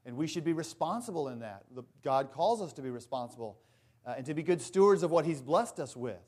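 A man's voice: on the high side, lively intonation, a little fast, darkish tone. A male pastor preaching a sermon earnestly and with emphasis, mixing in folksy asides.

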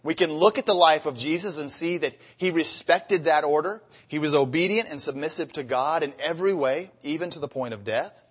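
A man's voice: a little high, fairly quick, few pauses, fairly bright tone, breathy edge. A man preaching a sermon, telling humorous marriage stories and then reading scripture with rising emphasis. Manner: storytelling with acted-out marital dialogue. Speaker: pastor.

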